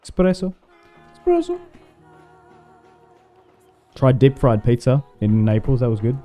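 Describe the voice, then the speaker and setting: Man, gaming livestreamer, casual rambling chat, frequent laughs, dark mellow voice, faint game music behind. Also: mid-range voice, fairly even intonation, fairly quick. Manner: rambling, laughing often, lots of fillers. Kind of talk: casual chat while streaming a strategy game.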